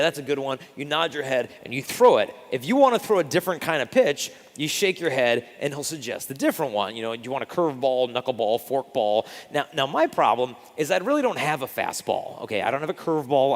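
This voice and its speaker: A young man giving a faith talk to an audience, telling stories with animated, self-deprecating humor. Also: mid-range voice, brisk, hardly any pauses. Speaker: speaker. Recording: long reverb of a big hall.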